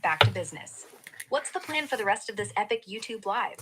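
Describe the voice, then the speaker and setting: A synthetic woman's voice acting as a chat assistant, giving playful, breezy, slangy replies full of flattery. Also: mid-range voice, brisk, slight background noise, poor audio. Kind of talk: upbeat conversational replies.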